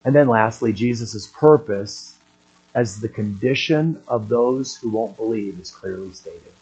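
An older man preaching a sermon, husky-voiced, often clearing his throat and building to emphatic, raised passages. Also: lowish voice, measured pace, a little mellow, lo-fi sound. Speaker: pastor.

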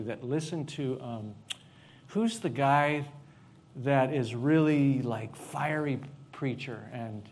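A pastor preaches a sermon in a conversational, animated manner, making asides to the congregation, his voice at a medium pitch.

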